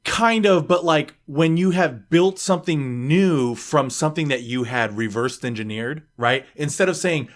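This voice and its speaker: A man's voice: mid-range voice, moderate pace, hardly any pauses. A man co-hosting a casual podcast, reading listener tweets aloud and rambling with many fillers. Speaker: podcast co-host.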